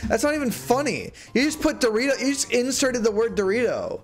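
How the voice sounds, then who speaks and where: A young man livestreaming a game, chatting to his viewers in a rambling way and bursting into mock-outraged shouts. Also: sits high, very animated, fairly quick, few pauses, faint music behind. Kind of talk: casual gaming livestream chat. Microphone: desk microphone.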